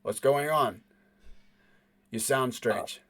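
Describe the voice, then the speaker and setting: A man voicing a nervous male soldier in a tabletop game, shouting from a distance and then asking uneasy questions. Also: mid-range voice, takes it slowly, no room sound. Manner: shouting angrily from afar, then wary.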